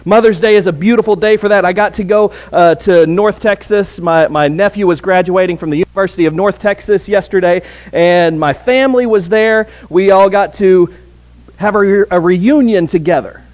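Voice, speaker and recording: A man's voice: high-pitched, moderate pace, a little mellow. A pastor preaching an earnest sermon to his congregation, often restarting and repeating words.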